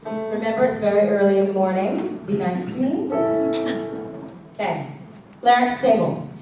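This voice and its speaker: A woman's voice: mid-range voice, moderate pace, far from the mic, over loud music. A woman teaching a singing class as vocal coach, chatty and checking in with the class often, with sung demonstrations. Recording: echoey classroom recorded from afar.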